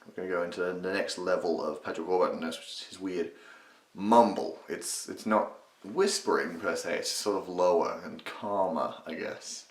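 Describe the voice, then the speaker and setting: A man's voice: low voice, moderate pace. A young man casually teaching a voice impression, rambling, swearing and restarting his sentences. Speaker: channel host teaching impressions. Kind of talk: casual tutorial. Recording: echoey room.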